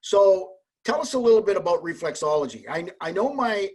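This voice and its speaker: A man hosts a relaxed interview, asking friendly questions that wander and restart. His voice is somewhat husky and pitched a little high for a man. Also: fairly quick. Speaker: host. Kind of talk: casual interview.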